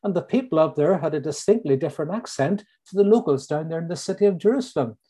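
A middle-aged man from Northern Ireland with a Northern Irish accent, preaching a sermon and slowly repeating his key lines for emphasis. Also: a little high, lively intonation, mellow, breathy edge.

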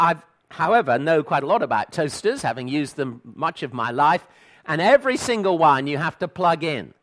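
Earnest preacher with a higher male voice. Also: a bit bright. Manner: earnest, emphatic, stumbles and repeats words. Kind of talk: sermon.

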